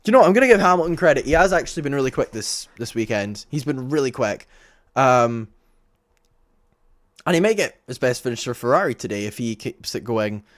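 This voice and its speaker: A man's voice: mid-range voice, very animated, brisk, no room sound. Brief: Male streamer, exasperated, rambling race talk, dry close mic. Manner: exasperated, rambling, self-interrupting. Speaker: livestream host. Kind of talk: casual live race commentary.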